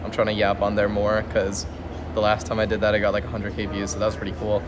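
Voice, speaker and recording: Rambling young man streaming hushed from an airport. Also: fairly low pitch, monotone, fast. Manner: rambling, half-whispered, self-mocking. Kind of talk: casual livestream chat. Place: busy airport terminal, sitting on the floor. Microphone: phone. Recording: phone stream with airport noise.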